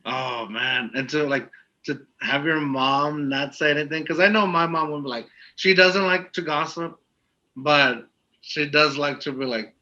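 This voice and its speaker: A man co-hosting a laid-back podcast, talking in loose, rambling sentences full of fillers. His voice is bright and forceful. The audio is slightly muffled and lo-fi. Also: on the high side, measured pace. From Texas. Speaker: podcast co-host. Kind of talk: casual podcast interview.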